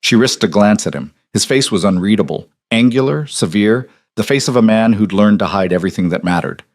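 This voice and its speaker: A man narrating a historical romance audiobook in an even, measured storytelling manner. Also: fairly low pitch, dry recording, studio quality.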